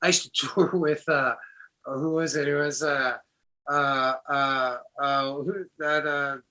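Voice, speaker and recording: A man's voice: fairly high pitch, level tone, slow, pushed and bright. A man guest musician chatting casually in an interview, rambling with lots of restarts and fillers.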